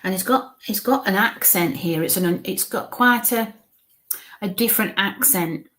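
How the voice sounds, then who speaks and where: A woman medium giving live readings, her voice sitting at an ordinary middle pitch. She talks in stops and starts and keeps dropping into soft, coaxing murmurs between her statements. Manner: halting, breaks off to coax spirits under her breath. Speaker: psychic medium. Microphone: live stream mic.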